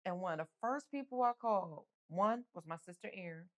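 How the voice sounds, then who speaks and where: Middle-aged woman guest, candid storyteller, slightly low voice, raw and plainspoken. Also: fairly quick. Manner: candid, acts out the voices of people in her story. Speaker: interview guest. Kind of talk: emotional personal storytelling.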